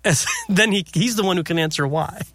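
A man's voice: high voice, fairly quick, a bit bright, slightly rough, no echo. A man in casual conversation about faith, telling a story and laughing often.

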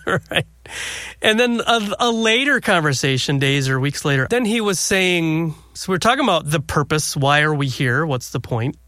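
Guy chatting about faith, bright voice, laughs a lot, dry close sound. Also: fairly high pitch, lively intonation, normal speed, no echo. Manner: storytelling with frequent laughs. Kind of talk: casual faith discussion.

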